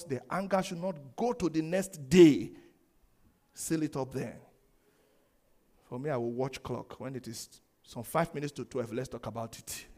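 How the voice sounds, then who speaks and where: Animated man preaching a sermon. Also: medium pitch. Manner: animated, laughing, acting out quotes. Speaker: pastor.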